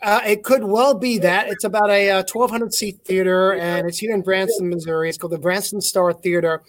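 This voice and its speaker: A man's voice: high-pitched, fairly even intonation, a little fast. A middle-aged man from England with a mixed English, South African and American accent, telling rambling stories as a guest in a casual interview. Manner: rambling, storytelling, self-correcting. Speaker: guest magician. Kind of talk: casual video-call interview.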